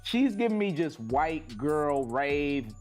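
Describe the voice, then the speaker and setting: A man with a fairly high, swinging voice trades teasing wisecracks on a panel. Music plays clearly behind him the whole time. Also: very animated, slow. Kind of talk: casual panel chat.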